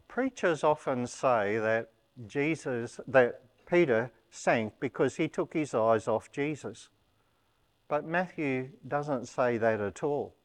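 A man preaching a sermon, explaining a scripture passage in a measured, teaching manner. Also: mid-range voice.

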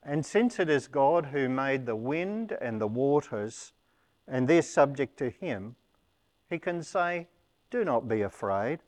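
A man preaching a sermon, explaining a scripture passage in a measured, teaching manner. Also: medium pitch, lively intonation.

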